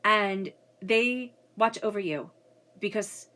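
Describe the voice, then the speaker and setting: A woman's voice: mid-range voice, slow pace, pushed and bright. A woman giving a casual spiritual reading who is coming down with a cold and speaks earnestly, often repeating herself and checking in with "okay?". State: getting a cold. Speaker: tarot reader.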